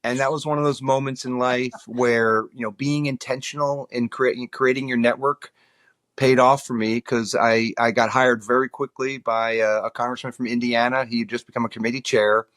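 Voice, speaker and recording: A man's voice: medium pitch, flat delivery, moderate pace, a bit bright, dry recording. Earnest middle-aged man, dry close sound. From New York. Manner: earnest, repeats words while thinking. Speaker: guest, political consultant. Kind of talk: conversational interview.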